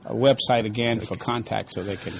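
A man hosting a radio talk show, speaking in a halting way with many fillers and repeated phrases. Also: lowish voice, steady tone, creaky, a little hiss or hum. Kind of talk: casual radio interview.

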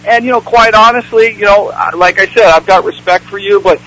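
A man's voice: sits high, fairly quick, bright, forceful tone, low-quality recording. A man calling into a radio talk show, earnest and hesitant, full of restarts and "you know"s. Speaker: caller.

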